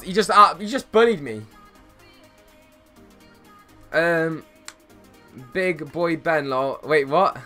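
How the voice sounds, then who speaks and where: A young gaming streamer chats casually with his viewers while playing a football video game, his slightly high voice bright and forward. He speaks unhurriedly, greets people in chat, uses plenty of slang, and bursts into excitement at big plays, with faint music in the background.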